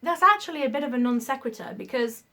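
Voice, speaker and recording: A woman's voice: high voice, animated, quick pace, pushed and bright. A woman vlogging to camera with a frank, emphatic, ranting delivery, swearing when she gets heated. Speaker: YouTuber. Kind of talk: casual vlog rant.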